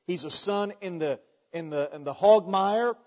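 Folksy male preacher, higher-pitched voice, dull muffled recording in a big echoing hall. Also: a little slow, a little mellow. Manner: folksy storytelling with frequent restarts. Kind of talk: sermon.

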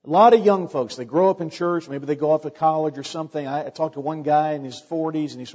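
A man's voice: fairly high pitch, quick pace, darkish tone, husky. A middle-aged man preaching a sermon as pastor, talking to the congregation in a conversational, folksy way with homespun asides. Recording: dull sound with long reverb.

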